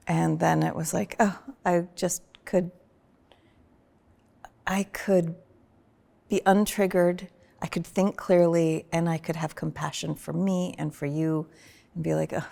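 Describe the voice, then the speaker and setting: Woman, low gravelly voice, casual podcast guest, lively storyteller with sudden loud bursts. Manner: animated storytelling with loud vocal sound bursts. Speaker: podcast guest, host's wife. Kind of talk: casual personal conversation.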